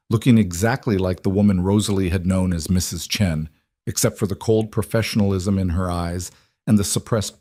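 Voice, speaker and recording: A man giving steady, suspenseful scripted narration of a dramatic story. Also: sits low, dry recording, clean studio sound.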